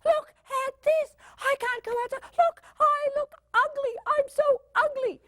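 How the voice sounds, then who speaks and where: A woman with an Australian accent voicing a whiny, melodramatic teenager who wails about a pimple in a high, squealing voice. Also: steady tone, measured pace, fairly bright tone, no echo, clean studio sound. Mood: melodramatic whining. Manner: wailing, exaggerated, squealing high.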